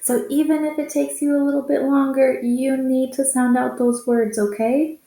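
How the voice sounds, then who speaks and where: A woman's voice: high-pitched, level tone, normal speed, dark tone, reverberant, low-quality recording. A woman teacher recording a reading lesson for young children, patiently sounding out words.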